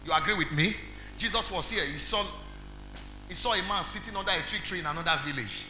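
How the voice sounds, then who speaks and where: A man with a Nigerian accent preaching a sermon as pastor, quizzing the congregation and building to shouts. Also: sits high, a little fast. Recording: echoey hall with faint music.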